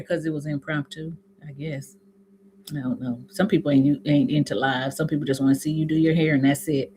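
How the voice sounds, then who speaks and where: A woman's voice: low voice, steady tone, a little fast, a little hiss or hum. A middle-aged woman from Indiana, with an Indiana accent and some Southern sayings, chatting in a rambling way with her viewers on a livestream and often laughing at herself. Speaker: natural hair YouTuber hosting a livestream. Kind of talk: casual livestream chat with viewers.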